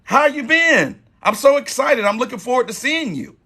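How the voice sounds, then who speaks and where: A man voicing a woman who gushes with excitement about an upcoming date. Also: very high voice, moderate pace, slightly rough, pitched above the performer's own voice, heavily acted. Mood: excited. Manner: gushing, breathless excitement. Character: thrilled woman eager for her date.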